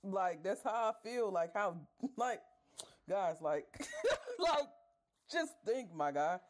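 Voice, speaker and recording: A woman's voice: mid-range voice, animated, slow. Exasperated woman podcast host ranting. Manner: exasperated, swears freely, talks straight to listeners. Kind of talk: casual storytelling rant.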